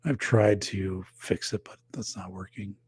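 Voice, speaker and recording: A man's voice: on the low side, fairly even intonation, unhurried, darkish tone, breathy edge. A man in his forties or older hosting a casual livestream from his home office, rambling with lots of fillers and losing his voice. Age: 40s or older. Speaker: podcast host.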